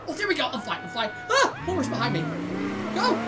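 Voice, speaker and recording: A woman from Canada hosting a gaming channel, giving excitable let's-play commentary with squeals, shouts and laughter. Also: extremely high pitch, fast talker, a loud crowd. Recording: distant mic with loud game noise.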